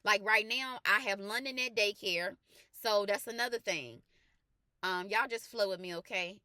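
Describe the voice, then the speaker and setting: With a mid-range voice at a moderate pace, a woman who coaches people in faith recounts her testimony casually and energetically, then moves into earnest sermonizing with repeated, forceful phrases. It's a studio-quality recording without room sound.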